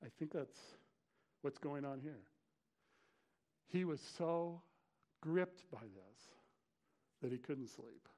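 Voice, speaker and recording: A male pastor giving a conversational sermon, retelling scripture with lively slang asides. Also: a little high, takes it slowly, pauses often. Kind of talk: expository sermon.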